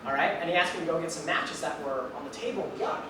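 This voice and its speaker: A young man performing a one-man stage story, animated and acting out each scene. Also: on the high side, racing. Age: young adult. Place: theater stage before an audience. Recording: echoey live theater, distant mic, noisy.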